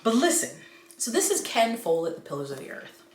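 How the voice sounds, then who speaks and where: A woman chatting casually and excitedly about books she loves, acting out her own reactions. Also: lowish voice, quick pace. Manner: gushing, animated, quotes her own reactions. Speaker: book vlogger. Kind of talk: casual book review chat. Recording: echoey room with faint noise.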